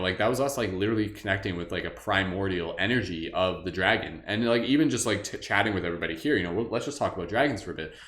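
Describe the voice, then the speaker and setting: Man, meditation host, casual rambling chat, playful, lowish voice, roomy echo. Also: fairly bright tone. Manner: rambling, heavy use of "like"; playful, wondering.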